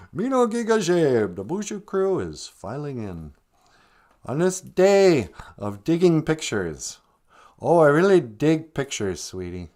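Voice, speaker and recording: A man's voice: fairly high pitch, very animated, slow pace, a little mellow. A man hosting a podcast in casual, jokey chat, teasing his co-host and greeting listeners. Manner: jokey, teasing, calls people sweetie.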